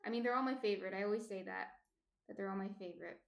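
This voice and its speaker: Talking rapid-fire in a creaky, medium-pitched voice, a New Jersey woman walks live-stream viewers through shaping sourdough step by step. She chats casually, greets people by name, and the audio sounds roomy.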